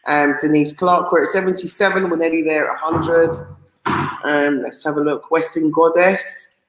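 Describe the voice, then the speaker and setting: A woman chats her way through a live stream, greeting viewers one by one as she reads out their comments. She sounds excitable and laughs easily, and she trips over unfamiliar names as she goes. Her voice carries a roomy echo. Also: low-pitched, moderate pace. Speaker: livestream host reading viewer comments. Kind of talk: casual live stream chat.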